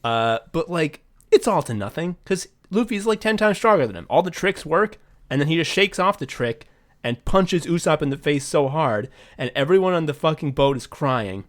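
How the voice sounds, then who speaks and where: A man co-hosting a podcast, retelling a story in casual chat with lots of excited swearing. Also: on the high side, normal speed. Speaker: podcast co-host.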